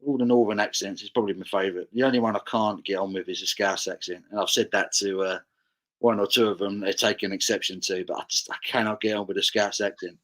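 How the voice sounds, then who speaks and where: A man's voice: on the low side, steady tone, fast, fairly bright tone, poor audio. A man hosting a casual beer livestream, reading out viewer comments and chatting about them. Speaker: livestream host.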